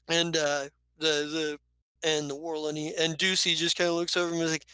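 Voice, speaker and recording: Smooth-voiced man running a tabletop game. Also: on the high side, level tone, brisk, pushed and bright, no echo, rough recording. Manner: loose, rambling narration with fillers. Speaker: game master.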